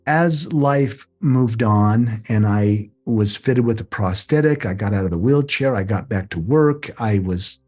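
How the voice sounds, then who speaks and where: A man's voice: on the low side, unhurried, hardly any pauses, darkish tone. A middle-aged man, an interview guest, earnestly recounting a personal experience and acting out remembered conversations. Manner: earnest, acts out remembered dialogue. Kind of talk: personal storytelling.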